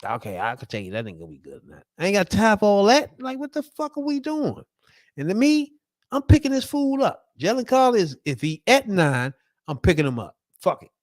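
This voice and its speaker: A man delivering a loud, profane, emphatic sports fan rant. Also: sits high, big pitch swings, brisk, dry recording, clean studio sound.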